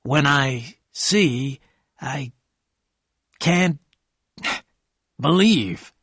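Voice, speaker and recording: Storybook: man playing an eager, courteous rich gentleman, mid pitch, dry. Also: sing-song, moderate pace, no echo. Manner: warm, eager host calling others old sport.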